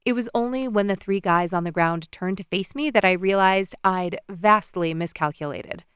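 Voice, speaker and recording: A woman narrates a first-person romance novel with expressive storytelling. Her voice is smooth and resonant at a mid pitch, and the close studio recording is dry with no room sound. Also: moderate pace, no room sound. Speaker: audiobook narrator.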